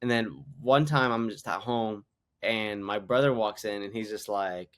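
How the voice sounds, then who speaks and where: A man's voice: on the low side, a little slow, fairly bright tone. Rambling young man telling stories. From Canada. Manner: rambling anecdotes, heavy use of "like". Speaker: guest comedian. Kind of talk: casual podcast storytelling.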